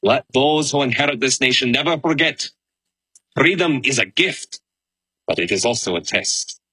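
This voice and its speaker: Brief: man as a solemn founding-era minister, earnest oratory, lively pitch, dry close sound. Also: normal speed, husky, no echo, poor audio. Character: Scottish-born minister and educator, solemn older man. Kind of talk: first-person historical monologue.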